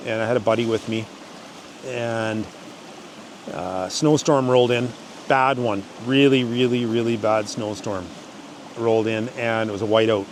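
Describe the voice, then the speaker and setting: A man's voice: mid-range voice, unhurried, long pauses, slight background noise. A man hosting his channel, casually telling hunting stories, rambling with restarts. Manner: rambling, restarts, animated yells in quoted parts. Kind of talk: casual storytelling to camera.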